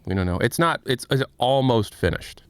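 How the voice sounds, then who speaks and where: A man's voice: mid-range voice, lively intonation, normal speed, clean tone, dry recording. Frank, rambling American streamer man. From United States. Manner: rambling, self-interrupting, frank. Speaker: livestream host. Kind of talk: casual livestream commentary.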